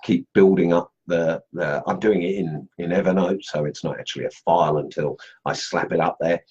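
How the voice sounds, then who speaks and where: Husky man rambling casually. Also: low-pitched, fairly even intonation, normal speed, a little mellow, lo-fi sound. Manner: rambling, many fillers and restarts. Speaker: host of a wood carving group live stream. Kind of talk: casual live stream chat.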